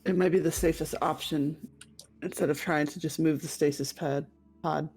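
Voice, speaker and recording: A woman's voice: low voice, steady tone, normal speed, a little mellow, breathy edge, soft background music. A woman playing a young adventurer in a tabletop role-play, speaking hesitantly with many fillers. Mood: earnest.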